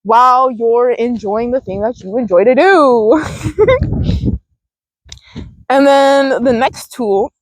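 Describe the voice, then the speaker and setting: A woman's voice: fairly high pitch, takes it slowly, long pauses, no echo, rough recording. A young woman vlogging outdoors in a field, giving casual mindfulness advice in a chatty, rambling way with casual swearing, recorded on a handheld phone. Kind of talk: casual rambling self-help talk.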